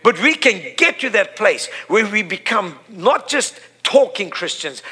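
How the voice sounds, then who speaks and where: A man's voice: sits high, sing-song, a little slow, sharp tone, slightly rough. A middle-aged man preaching a sermon, impassioned and repetitive, building to emphatic peaks.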